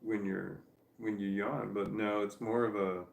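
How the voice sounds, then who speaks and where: Tired man rambling to himself, gravelly. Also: on the low side, flat delivery, measured pace, reverberant. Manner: talks to himself, argues with himself, laughs and sighs. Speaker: vlogger. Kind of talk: rambling self-talk vlog. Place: at home on a couch with his dog.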